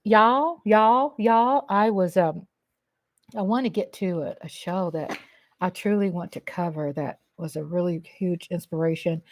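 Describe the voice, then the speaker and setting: A woman hosting a casual livestream, reading viewers' comments aloud and chatting in a slow, affectionate way, often calling them baby and darling. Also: on the low side. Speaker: livestream host reading chat.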